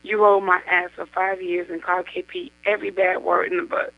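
A woman voicing an indignant adult woman who scolds her friend, reading aloud, her voice jumping high when she yells. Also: level tone, a little fast, gravelly, no echo. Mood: scolding. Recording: dull lo-fi radio sound.

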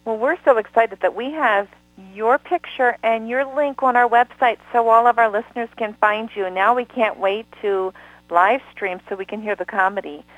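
A woman host leading an interview, gushing with praise and thanks. Her voice sits a little higher than most. The sound is dry, with no room echo. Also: normal speed. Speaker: podcast host. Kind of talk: hosting an interview.

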